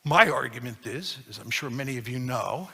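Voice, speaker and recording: A man's voice: medium pitch, expressive, normal speed, gravelly, sharp tone, slightly rough, big-room sound. A man giving a public lecture, arguing his points emphatically and repeating key phrases for stress.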